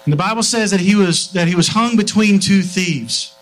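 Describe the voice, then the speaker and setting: A man's voice: high voice, normal speed, a little hiss or hum, poor audio. A middle-aged man preaching a sermon in a church, telling family stories earnestly and often restarting his sentences. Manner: earnest storytelling, frequent restarts.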